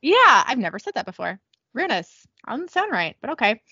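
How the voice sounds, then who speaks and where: A woman's voice: fairly high pitch, very animated, brisk, sharp tone, slightly rough, no room sound, dull audio. A woman recapping an episode casually, reading out dialogue in a chatty, giggly, self-deprecating way.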